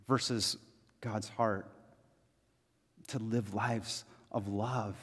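A man's voice: on the low side, fairly even intonation, very slow, pauses often, fairly bright tone, husky, big-room sound. A man preaching a sermon as pastor, acting out the people in a parable with casual, conversational voices.

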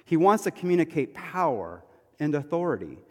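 A male pastor delivering a sermon, emphatic, moving between loud declarations and hushed, quiet passages. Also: on the high side, sing-song, normal speed. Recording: long hall reverb.

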